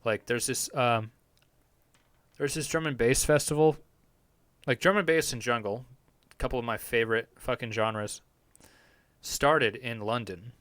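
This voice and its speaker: A man's voice: medium pitch, unhurried, long pauses, fairly bright tone, no room sound. A young man chatting casually on a live stream from his home basement, rambling and swearing often in a laid-back way.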